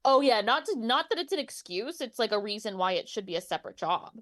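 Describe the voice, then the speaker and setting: A woman's voice: fairly high pitch, lively intonation, fast, a bit bright, no echo, studio quality. A woman co-hosting a podcast, reacting in disbelief and adding her own comments. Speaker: podcast co-host. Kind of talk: casual true-crime podcast chat.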